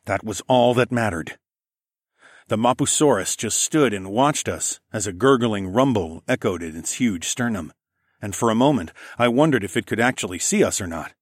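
A man's voice: on the low side, no room sound, clean studio sound. A man narrating a first-person story in a gritty, profane storytelling manner. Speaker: audiobook narrator.

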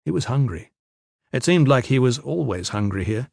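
Man, audiobook narration, measured storytelling, mid pitch, dry close recording. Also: expressive, gravelly, a little mellow, slightly rough, no echo. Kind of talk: scripted narration.

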